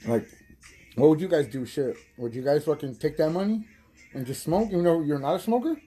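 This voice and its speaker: Husky, profane stoner man. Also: fairly high pitch, a little fast, dark tone, faint music behind. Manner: profane, rambling, laughs often. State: high. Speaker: podcast host. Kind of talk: casual stoner podcast chat.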